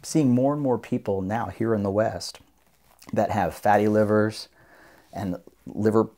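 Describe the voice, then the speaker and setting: A man's voice: lowish voice, fairly even intonation, unhurried, mellow. A man, a doctor of Oriental medicine, explaining his practice earnestly as a guest in a podcast interview. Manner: earnest, explanatory, acts out patients' voices.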